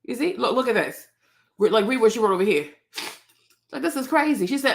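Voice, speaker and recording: Outspoken lady ranting to her viewers, kinda high voice, fired up and blunt. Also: expressive, a little fast, vocal fry, long pauses. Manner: outspoken, indignant, talks straight to her audience. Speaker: host. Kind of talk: casual commentary to viewers.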